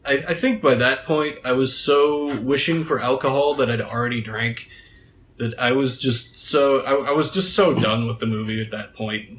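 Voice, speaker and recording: A man's voice: mid-range voice, fairly even intonation, moderate pace, fairly bright tone. A man co-hosting a casual film review podcast, dry and blunt in his criticism. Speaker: podcast co-host. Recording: echoey room, dull lo-fi sound.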